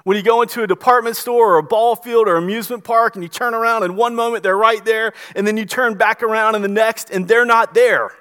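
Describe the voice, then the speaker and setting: A male pastor preaching a sermon in an animated, storytelling way, often stammering and restarting his words. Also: sits high, fairly quick, hardly any pauses, smooth, in a large hall.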